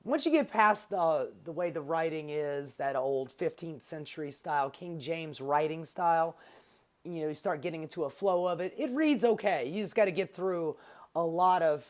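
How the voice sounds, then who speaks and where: A woman with a somewhat low voice delivers a casual vlog rant. She is sarcastic and freely profane, and she rambles with fillers and asides. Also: normal speed. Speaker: political commentary vlogger. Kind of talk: casual ranting monologue.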